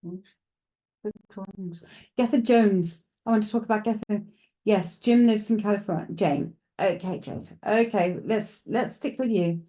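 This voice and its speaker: Lady medium chatting to her viewers live, mellow voice, lots of um and restarts while she works it out. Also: mid-range voice, measured pace. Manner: chatty, thinks aloud, addresses viewers directly; hesitant, with frequent restarts while working things out. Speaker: psychic medium. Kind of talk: live streamed mediumship reading.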